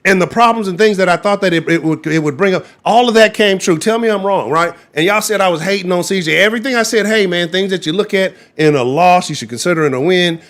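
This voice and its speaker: A young man with a drawl rants on a live sports stream, heated and full of profanity. His voice sits a little high for a man, and he fires off blunt complaints one after another. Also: fast, few pauses, fairly bright tone. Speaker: sports talk show host.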